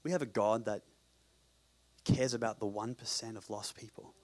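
A man preaching a sermon as pastor at a church service, swinging between loud emphatic passages and quiet low asides. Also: fairly even intonation, normal speed.

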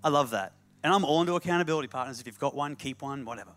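A man's voice: medium pitch, racing, a bit bright. A man preaching a sermon, repeating key phrases for emphasis and slipping in humorous asides.

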